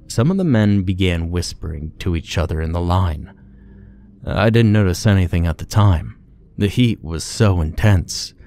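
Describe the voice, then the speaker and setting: A man narrating a war horror story in a grim, measured, scripted way. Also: sits low, darkish tone.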